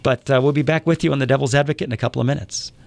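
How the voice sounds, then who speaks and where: A man's voice: mid-range voice, steady tone, very fast, vocal fry, a little mellow. A middle-aged man hosting a live talk radio show, chatty and joking, with a lot of laughter. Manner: chatty, laughs often, jokey asides. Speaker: radio show host, journalism professor.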